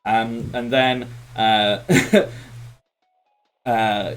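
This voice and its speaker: A man's voice: medium pitch, a little slow, faint music behind, rough recording. A man running a tabletop game as game master, recapping the last session in a rambling, easygoing way with frequent laughs. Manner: laughs often, rambling with fillers.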